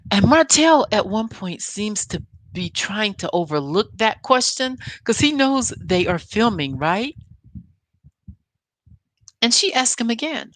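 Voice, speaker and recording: A woman's voice: mid-range voice, sing-song, slow pace. A woman vlogger giving a casual, emphatic recap of a reality show episode, telling it like a story.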